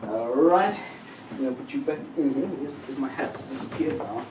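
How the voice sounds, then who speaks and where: A man performing a comedy magic act on a theatre stage, teasing and bantering with the audience in a playful, excitable way. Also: mid-range voice, brisk, noisy background. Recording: roomy echo from far off.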